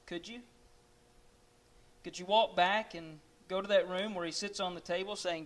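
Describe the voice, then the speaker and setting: Man, preacher, dramatic sermon story, high voice. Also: fairly even intonation, unhurried, pauses often, fairly bright tone, slight background noise. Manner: dramatic, second-person storytelling.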